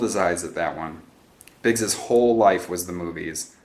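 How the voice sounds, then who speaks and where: A man with a somewhat low voice reads an adventure novel aloud. His narration is steady and even, with scripted storytelling pacing. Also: a little slow. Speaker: audiobook narrator.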